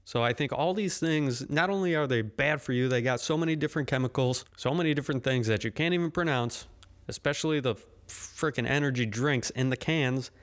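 A man's voice: mid-range voice, fairly quick. A man hosting his own podcast, ranting casually with profanity and self-deprecating asides. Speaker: podcast host. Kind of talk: casual solo podcast rant.

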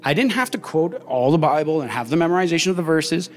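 Preacher in a reverberant hall. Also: male voice, fairly high pitch, fast talker, faint music behind. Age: young adult. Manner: animated, acts out dialogue in story. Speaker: pastor. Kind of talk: sermon with storytelling.

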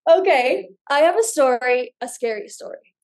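A young woman tells her story as a podcast guest, her voice sitting a little high. She talks in an animated, chatty way and fills her sentences with little filler words. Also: moderate pace. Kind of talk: casual storytelling.

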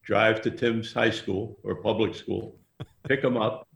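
A man's voice: fairly low pitch, steady tone, unhurried, vocal fry, echoey room. A man telling long, rambling anecdotes in a casual interview, often laughing as he goes. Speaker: music manager guest.

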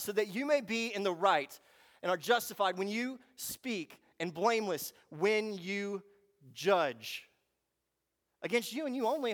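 A man preaching a sermon, moving between quiet reflection and fervent, emphatic passages. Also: high voice. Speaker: pastor.

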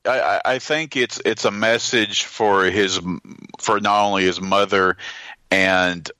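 A man's voice: lowish voice, steady tone, a little slow, sharp tone, smooth, no room sound. A man in a casual film discussion, speaking thoughtfully with frequent restarts. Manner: thoughtful, hesitant with repeated starts. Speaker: film podcast co-host.

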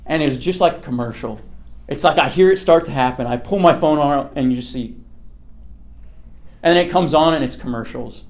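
A man's voice: fairly high pitch, fairly quick, darkish tone. Young man, youth pastor, loose conversational sermon, lots of "okay?" and "like," keeps asking the group questions. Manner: conversational, quizzes the listeners, many "like" and "okay" fillers.

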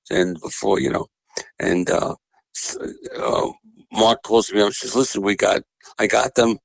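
A man's voice: on the low side, normal speed, gravelly, dry recording, poor audio. A man, a comedian telling profane showbiz stories as a guest. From Long Island, New York. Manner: salty, profane, animated yarn-spinning. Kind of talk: anecdotal storytelling.

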